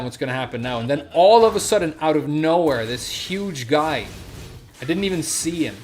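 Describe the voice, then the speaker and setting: A young man streaming a game and telling a story in a relaxed, rambling way, full of fillers. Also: medium pitch. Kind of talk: casual storytelling while gaming.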